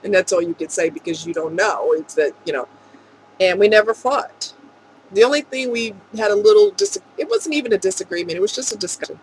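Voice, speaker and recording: A woman speaking earnestly and emotionally in a rambling vlog monologue, with soft laughs. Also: medium pitch, animated, brisk, a little hiss or hum, rough recording. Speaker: vlogger.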